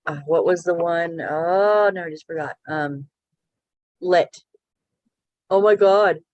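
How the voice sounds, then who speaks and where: A woman's voice: fairly low pitch, takes it slowly, darkish tone, no echo, lo-fi sound. Profane middle-aged woman ranting. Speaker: podcast co-host. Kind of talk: casual chat.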